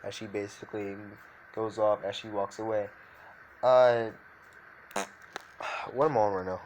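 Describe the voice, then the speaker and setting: Male narrator, lowish voice, loose off-the-cuff storytelling full of fillers. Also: fairly even intonation, measured pace, darkish tone, slight background noise. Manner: rambling, filler-heavy, frequent restarts. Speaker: fan fiction storyteller.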